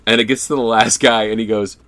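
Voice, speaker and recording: Podcast co-host, lower-pitched man, animated, laughs a lot, swears freely. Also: brisk. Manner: animated storytelling, laughs often, swears casually. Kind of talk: casual movie review chat.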